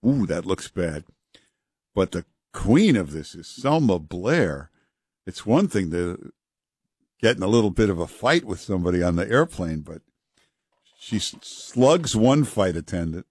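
A middle-aged male talk radio host with a somewhat low voice. He chats loosely, with frequent fillers. The studio sound is dry and close. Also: sing-song, measured pace, a little mellow, breathy edge, no room sound. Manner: casual, conversational, many fillers. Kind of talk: talk radio chat and ad reads.

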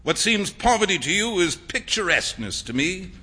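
A worldly young painter, amused and breezy, as a male reader voices him. His voice sits high and swings freely. The tone is very bright. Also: normal speed, slightly rough, exaggerated voice. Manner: breezy, lively, laughing.

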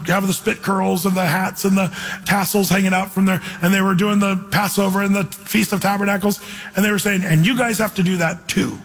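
A man's voice: sits high, fairly bright tone, husky, big-room sound. A man preaching a sermon in a church, emphatic, acting out the voices he quotes. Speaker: pastor.

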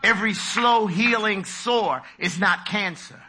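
A man preaching a sermon with dramatic delivery, acting out voices with big leaps in pitch. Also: a little slow, sharp tone.

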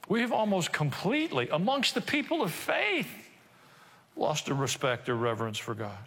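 A man's voice: a little high, huge pitch swings, normal speed, creaky, a bit bright. An older man preaching a sermon, talking conversationally with asides and rhetorical questions. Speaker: pastor. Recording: reverberant church hall.

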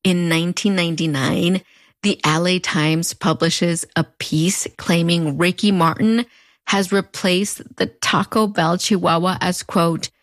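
A woman's voice: lowish voice, steady tone, a little slow, no room sound, studio quality. Wry woman with a fronterizo accent. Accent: Mexican border (fronterizo). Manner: wry, conversational, playful asides. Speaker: video essay host. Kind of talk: scripted commentary narration.

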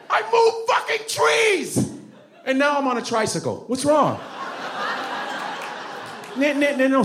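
Dude doing a big angry elephant, high bellowing voice, drawn out and outraged. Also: male voice, a bit bright, reverberant, full character voice. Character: boastful male elephant, huge and fed up.

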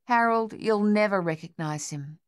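A woman's voice: medium pitch, moderate pace, smooth, no echo, studio quality, natural voice. A woman voicing a young male Australian soldier, urgent and coaxing his friend to move.

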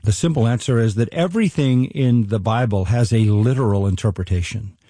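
An older man, a Bible teacher, answering interview questions in a measured, earnest way with frequent restarts. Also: fairly low pitch, warm tone, dry recording, studio quality.

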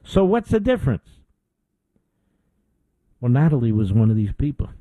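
A man's voice: medium pitch, very animated, moderate pace, no echo, dull audio. A middle-aged man hosting a political talk show, delivering an indignant opinion monologue with emphatic repetition.

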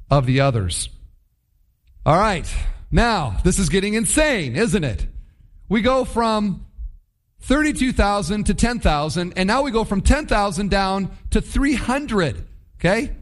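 A man teaching a Bible passage in a lively, conversational sermon, stopping to ask the listeners questions. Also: sits high. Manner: animated, conversational, asks the audience questions. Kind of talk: expository sermon.

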